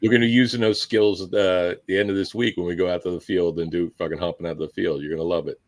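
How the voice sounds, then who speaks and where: A man's voice: low voice, fairly even intonation, fast talker. A man hosting a casual chat, talking bluntly and swearing freely. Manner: blunt, profane, conversational. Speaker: host.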